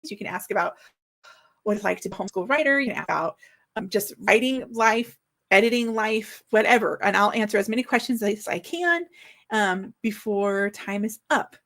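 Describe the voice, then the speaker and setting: A medium-pitched woman in her forties, the author of a new book, hosts its launch livestream at a moderate pace, chatting casually with excited, slightly flustered energy.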